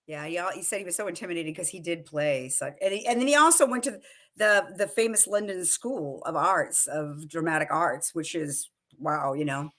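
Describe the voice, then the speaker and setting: A woman hosting a casual live chat show, excitable, laughing often and quoting movie lines. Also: fairly low pitch, normal speed. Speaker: show host.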